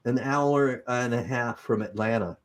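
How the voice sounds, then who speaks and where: A man's voice: medium pitch, a little slow, slight background noise. A man with a Utah accent hosting a livestream, chatting casually and improvising as he reads comments. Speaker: host.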